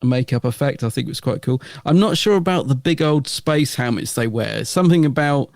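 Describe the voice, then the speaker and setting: A man's voice: medium pitch, expressive, brisk, gravelly, darkish tone, dry recording, studio quality. A man co-hosting a podcast, chatting in a rambling way and chuckling often. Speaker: podcast co-host. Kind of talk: casual review chat.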